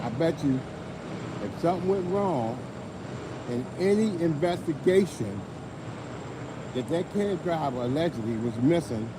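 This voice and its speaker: A man, a cab driver, rants on a live stream, repeating himself over and over for emphasis. His voice sits a bit high for a man. Road noise from the car comes through clearly on the phone recording. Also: lively intonation, a little slow, pauses often. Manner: repetitive, emphatic, self-described loud mouth. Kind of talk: angry live-stream rant.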